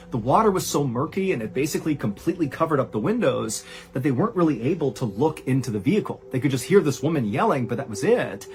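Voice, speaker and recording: Guy narrating a creepy true story, chatty, voice swings way up and down, kinda high. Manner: animated, rises high for quoted cries; drops low and quiet at grim moments. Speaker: storyteller host.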